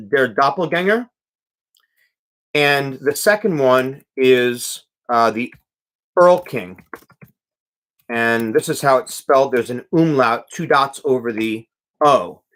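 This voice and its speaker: Chatty music teacher hosting a live stream. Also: male voice, mid-range voice. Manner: rambling, warm, with many restarts and fillers. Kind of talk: casual live-stream talk reading chat comments.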